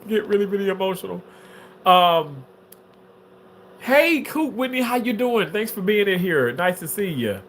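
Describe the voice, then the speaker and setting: A livestreamer reading viewer comments in casual chat, drawling with many fillers and swinging into shrill, theatrical mock wailing. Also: sing-song, unhurried, pauses often, slight background noise. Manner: drawling, filler-heavy talk. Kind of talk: casual live-stream chat.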